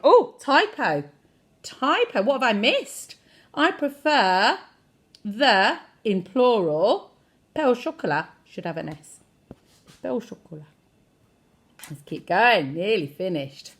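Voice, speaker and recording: Lively woman teaching French phrases. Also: on the high side, slow pace, long pauses. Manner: lively, expressive, playful overacting of phrases. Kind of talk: online language lesson.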